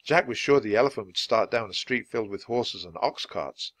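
A man reading a children's chapter book aloud in a clear, measured, lively way. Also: on the low side. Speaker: storybook reader.

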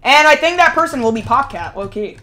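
High-pitched and brisk, with lively intonation, a woman livestreaming a game alternates between yelling at characters and muttering to her chat, saying the same phrases again and again.

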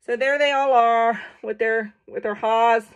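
A woman's voice: on the high side, fairly even intonation, unhurried, lo-fi sound. A woman casually reading a children's picture book aloud, playful, with jokey asides and animal noises.

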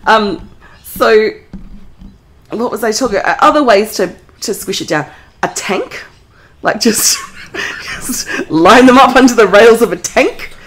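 A woman's voice: on the high side, expressive, a bit bright. Giggly woman co-host. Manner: giggly, swears freely, quick tangents. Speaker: podcast co-host. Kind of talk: casual chat.

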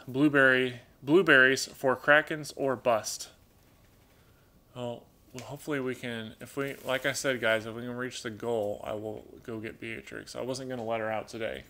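A raspy-voiced man hosts a relaxed live Q&A stream from his home, rambling loosely as he reads chat messages out loud and chats with his pet birds. His voice sits in the mid range and has a sharp edge.

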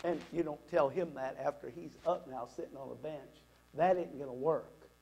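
A man preaching a sermon as a pastor, telling a personal story in an animated, conversational way. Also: on the high side, normal speed, muffled recording.

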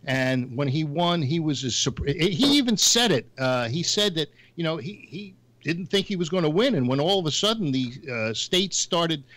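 A man's voice: on the high side, expressive, normal speed, hardly any pauses, fairly bright tone, dry recording. A man on a talk show panel, arguing politics in a rambling, joking way full of fillers. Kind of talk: heated political argument.

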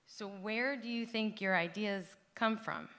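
A woman's voice: medium pitch, unhurried, bright, forceful tone. A woman interviewing on a festival stage, affectionate and teasing as she asks her questions. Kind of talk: onstage festival conversation.

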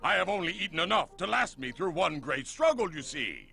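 Brief: cowardly soldier, gravelly, pompous, very lively pitch. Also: male voice, brisk, a little hiss or hum, full character voice.

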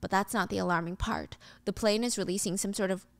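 A young woman casually recapping a film as the host, acting out the characters' lines with lively delivery. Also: medium pitch, fast, vocal fry, a crowd in the background. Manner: animated storytelling, acts out characters' lines.

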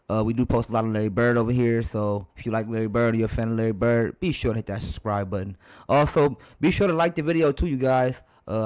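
A man's voice: mid-range voice, darkish tone, smooth. Chatty man hosting a reaction video. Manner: chatty, rambling, talks to viewers. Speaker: reaction channel host. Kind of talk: casual reaction commentary.

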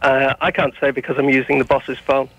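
A man's voice: mid-range voice, level tone, brisk, a bit bright, no echo. A man with an English accent calling a radio show by phone, polite and cheekily funny. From England. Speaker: caller. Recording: phone line.

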